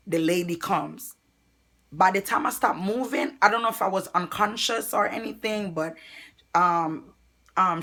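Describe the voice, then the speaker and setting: A woman from Jamaica, telling a personal story to viewers in a storytime vlog. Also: fairly low pitch. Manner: animated storytelling, addresses viewers directly. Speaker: vlogger.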